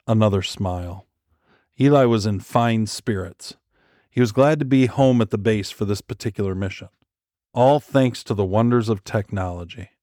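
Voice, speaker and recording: A man reading thriller narration in an even, measured way. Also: fairly low pitch, no echo, studio quality. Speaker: audiobook narrator.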